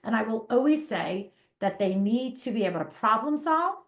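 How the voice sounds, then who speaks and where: A woman in her fifties, a parenting coach, talking as a guest in a casual interview, animated and emphatic. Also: on the high side, normal speed. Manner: animated, emphatic, acts out parents and kids in quotes. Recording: echoey room.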